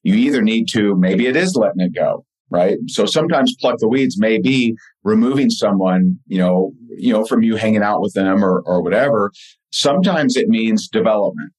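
Earnest low-voiced man telling stories. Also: expressive, normal speed, darkish tone, breathy edge, rough recording. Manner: earnest, with frequent fillers and restarts. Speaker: podcast guest and author. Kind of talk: casual interview storytelling.

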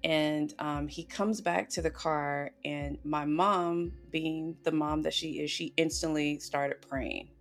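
Low, gravelly-voiced woman telling a personal story. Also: fairly even intonation, slow, hardly any pauses, faint music behind. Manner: emotional, earnest, heavy on fillers like "you know". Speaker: podcast guest.

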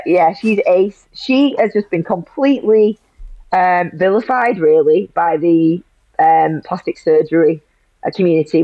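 A woman's voice: sits low, dry recording. A woman, a guest in an interview, telling a personal story in an emotional rush full of restarts. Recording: dull lo-fi audio.

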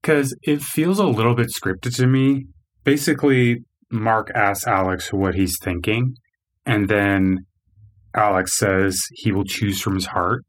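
A man co-hosting a casual podcast in a fairly low voice. He talks in a measured way and offers his opinions, softening them with "I mean" and "like.". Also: fairly even intonation. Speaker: podcast co-host. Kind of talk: casual recap chat.

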